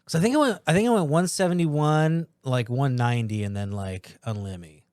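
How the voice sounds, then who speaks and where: A man co-hosting a podcast, swearing and laughing through animated casual stories. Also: mid-range voice, fairly quick, no room sound, studio quality. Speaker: podcast co-host. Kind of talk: casual chat.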